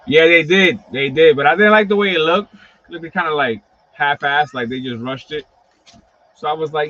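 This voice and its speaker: A man's voice: on the high side, normal speed. Chatty man telling stories on a livestream. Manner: animated, profane storytelling with lots of fillers. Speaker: host of a wrestling collectibles livestream. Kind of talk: casual livestream chat. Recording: slightly dull lo-fi stream audio.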